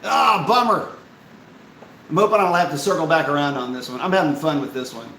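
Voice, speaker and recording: A man hosting a casual live stream, ranting in an animated, profane, exasperated way and reading out chat messages. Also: on the high side, brisk, roomy sound, slight background noise, rough recording.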